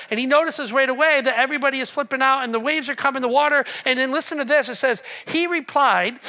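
High bright-voiced male preacher. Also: a little fast, hardly any pauses. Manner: animated storytelling, swings from loud to hushed. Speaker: pastor. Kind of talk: sermon.

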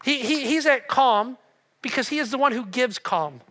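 A male pastor preaches a sermon in a very high, bright voice at a moderate pace. He tells the story with animated energy, moving between loud passages and hushed ones.

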